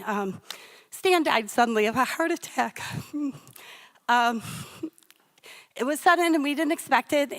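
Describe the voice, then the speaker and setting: A woman's voice: sits high, a bit bright. A middle-aged woman telling a personal story on stage in a chatty, comic, self-deprecating way.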